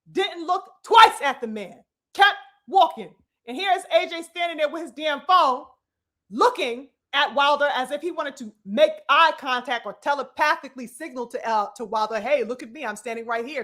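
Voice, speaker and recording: A woman with a high, bright voice talks through a live-stream boxing commentary. Her delivery is animated and profane. She keeps addressing her viewers as brothers and sisters.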